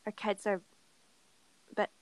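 A woman's voice: unhurried, no room sound, rough recording. A woman co-hosting a podcast, chatting casually and playfully about a book, laughing often. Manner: giggly, playful. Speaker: podcast co-host.

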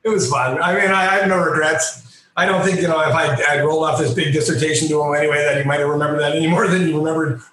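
A man, a comic book artist and guest, telling a lively, self-mocking story in a casual interview. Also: on the high side, fast talker, very echoey, rough recording. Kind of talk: animated anecdotal storytelling.

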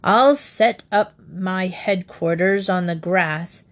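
A woman reading a storybook aloud and voicing a gruff, blustering old male sea admiral who roars and growls. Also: lowish voice, slow pace. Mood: gruff commanding. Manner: roaring, growling.

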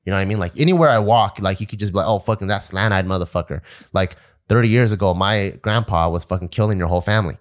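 A man's voice: on the low side, racing. Profane man telling a brash story. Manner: profane, animated, acts out quoted voices. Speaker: podcast guest. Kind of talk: casual storytelling.

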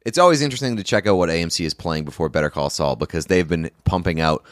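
Casting note: male host with a lowish voice, loose rambling talk, dry room. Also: quick pace, dry recording. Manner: rambling, filler-heavy, relaxed swearing. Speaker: podcast host. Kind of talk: casual chat.

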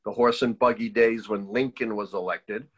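A man's voice: on the low side, moderate pace, highs cut off. An older man, a political historian, telling stories in an interview and acting out the people he quotes. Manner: animated storyteller who acts out quoted voices. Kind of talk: storytelling interview.

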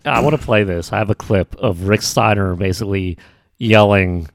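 A man co-hosting a casual wrestling podcast, who often laughs and gives quick reactions. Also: on the low side, dry recording. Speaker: podcast co-host.

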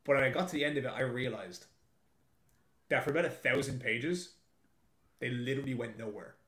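A man's voice: medium pitch, fairly quick, fairly bright tone. Male author guest, chatty and emphatic, mid-range voice, echoey room recording. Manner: chatty, emphatic, laughs often. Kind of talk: casual interview chat.

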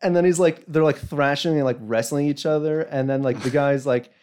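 A man's voice: fairly high pitch, fairly quick, a little mellow, clean tone. A young man telling a story in casual chat, rambling, with many "like"s and "you know"s.

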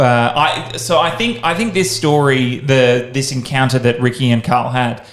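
Chatty guy in an echoey room. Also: medium pitch. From Australia. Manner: rambling, restarts sentences, enthusiastic. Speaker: podcast host. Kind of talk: casual podcast chat. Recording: roomy echo.

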